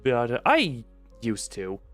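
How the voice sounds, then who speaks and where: A man's voice: mid-range voice, wildly swooping pitch, takes it slowly. A man chatting casually on a stream, rambling and self-deprecating, into a desk microphone at home. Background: soft background music.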